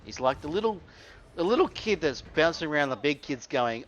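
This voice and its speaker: A man's voice: a little high, expressive, fairly quick, fairly bright tone, a little hiss or hum. An Australian man giving casual, wry commentary over his own gameplay, full of crude slang.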